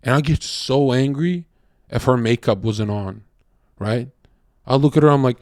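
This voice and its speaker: A male streamer talks in a loose, rambling monologue, blunt and crude with plenty of filler words. His mid-range voice jumps from loud bursts down to quiet mutters. The sound is dry and close, with no room echo. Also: brisk. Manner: swings between loud outbursts and low mutters. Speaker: livestreamer.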